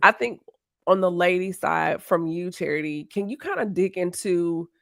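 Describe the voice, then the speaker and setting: Woman host, casual interview, lowish voice, dry close sound, emphatic reactions. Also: moderate pace, creaky, a bit bright, dry recording. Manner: reacts emphatically, guides the conversation. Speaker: podcast host.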